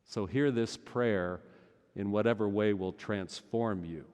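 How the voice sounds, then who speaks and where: A middle-aged male pastor preaching a sermon, swinging between loud urgency and hushed intensity. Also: fairly low pitch, slow pace, clear, resonant tone. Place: large church sanctuary. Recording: long church hall reverb.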